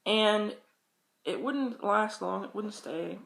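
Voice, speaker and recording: A woman's voice: mid-range voice, slow, vocal fry, a bit bright. A young woman vlogging casual advice, rambling and chatty and swearing freely. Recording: echoey room.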